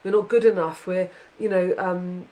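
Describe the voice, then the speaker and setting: A woman's voice: lowish voice, steady tone, moderate pace, warm tone, low-quality recording. A woman hosting a casual chat with her son, heartfelt and rambling, full of fillers and restarts. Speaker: podcast host, mother.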